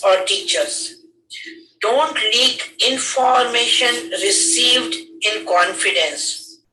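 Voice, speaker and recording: Older indian lady lecturing teachers, indian english accent, slow and measured, roomy echo. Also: medium pitch, pushed and bright, far from the mic, slight background noise. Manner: slow, measured, instructive list of dos and don'ts. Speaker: retired school head giving teacher training.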